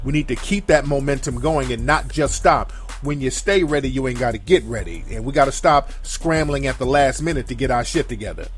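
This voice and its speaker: A man's voice: mid-range voice, fairly quick, few pauses, faint music behind. A man hosting a live call-in show, ranting bluntly and with plenty of profanity. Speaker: show host taking calls and chat. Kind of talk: casual live commentary.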